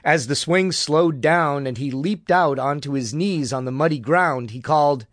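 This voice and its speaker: A man reading an audiobook as narrator, telling a children's story in a measured, expressive way. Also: a little high, dry recording, clean studio sound. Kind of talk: scripted narration.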